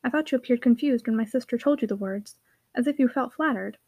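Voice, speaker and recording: A woman voicing a schoolboy who speaks slowly and quietly with still, dry irony. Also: on the high side, no room sound. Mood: dryly ironic. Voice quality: slow, quiet, ironic. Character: boy, slow quiet dry ironic speaker.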